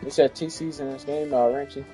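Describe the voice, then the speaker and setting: A man's voice: mid-range voice, fairly even intonation, brisk, warm tone, faint music behind. Rambling Southern man streaming a game. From Tennessee, US. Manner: rambling, jokey, many "uh" and "or whatnot". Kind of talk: casual let's-play chat.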